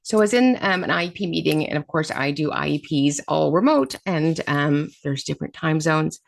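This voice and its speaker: This is a woman hosting a casual storytelling podcast, with a low voice and plenty of gravel in it. She talks straight and emphatic, pressing each point home. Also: expressive, moderate pace, dry recording. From Florida. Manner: direct, emphatic straight talk. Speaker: podcast host and special education advocate.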